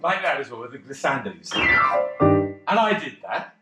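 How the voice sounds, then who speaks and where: A man's voice: medium pitch, sing-song, moderate pace, over loud music, lightly acted. An actor playing a bashful, rambling cocktail pianist in a one-man stage monologue, hesitant and self-deprecating. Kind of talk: theatrical monologue. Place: theatre stage. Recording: roomy theatre.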